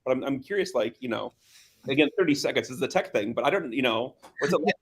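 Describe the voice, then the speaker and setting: A man's voice: mid-range voice, expressive, fast, husky. A male guest on a tech stream, chatting casually in a joking, teasing way. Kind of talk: casual chat.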